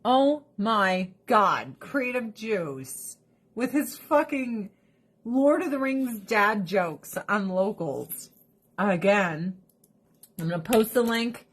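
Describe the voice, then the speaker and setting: A woman's voice: medium pitch, expressive, slow pace. A middle-aged woman talking casually to her viewers, telling a story about her best friend in a blunt, profane way and quoting her friend's lines. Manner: quotes friend with shifting voice. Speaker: vlogger. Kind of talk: casual chat to camera.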